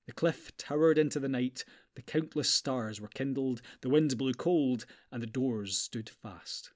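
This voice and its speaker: A man narrating an audiobook in a calm, measured storytelling manner. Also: medium pitch.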